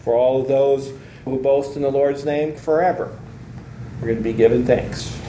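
A man teaching a Bible lesson with a mellow, warm voice, explaining each point step by step. His earnest lecture rings through an echoey room. A faint hum of ambience sits underneath. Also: mid-range voice, steady tone, normal speed. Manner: earnest, explains step by step and reads scripture aloud.

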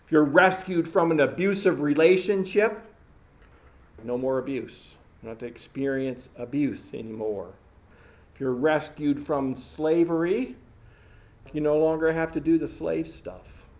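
A man's voice: on the high side, measured pace. A man preaching a sermon, talking to the congregation with emphatic repetition.

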